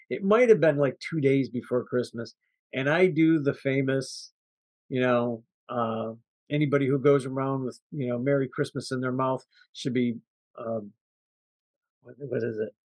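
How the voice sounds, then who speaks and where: A man co-hosting a movie podcast, telling stories in a casual, animated way and laughing often. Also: medium pitch, normal speed. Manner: animated storyteller, laughs often, acts out quotes. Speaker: podcast co-host. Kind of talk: casual chat.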